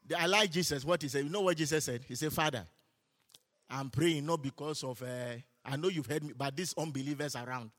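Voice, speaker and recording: A man preaching a sermon, telling stories with laughs and shouting his declarations. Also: a little high, brisk. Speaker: pastor. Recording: hall reverb.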